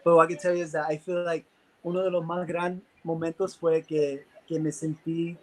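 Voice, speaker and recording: A man's voice: on the high side, little pitch movement, fairly quick, darkish tone, low-quality recording. A young man as an interview guest, talking earnestly and casually with many fillers.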